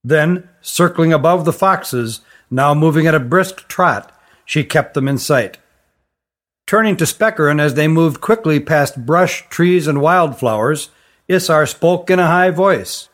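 A man reads a fantasy audiobook in an even, careful manner, his voice sitting slightly high for a man. The narration is steady and clear. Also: measured pace.

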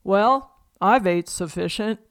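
A woman voicing a folksy Southern husband with a slow, deadpan drawl, within a memoir reading. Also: high voice, clean tone, no echo, studio quality, exaggerated voice. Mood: teasing.

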